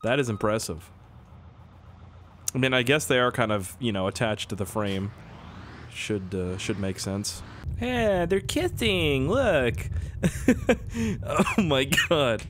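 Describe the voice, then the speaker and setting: A man's voice: on the low side, a little slow, pauses often, a bit bright, slight background noise. A young man with a cold doing rambling, jokey gameplay commentary as a video host, coughing now and then.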